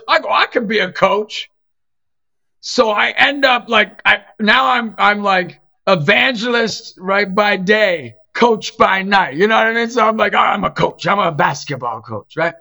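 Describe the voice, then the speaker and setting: A middle-aged man with a high, bright, ringing voice tells stories in a relaxed chat. He plays out every quoted line in an animated way. The recording sounds a little dull and lo-fi. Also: normal speed, vocal fry. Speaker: Catholic evangelist and youth basketball coach. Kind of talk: casual storytelling in a podcast chat.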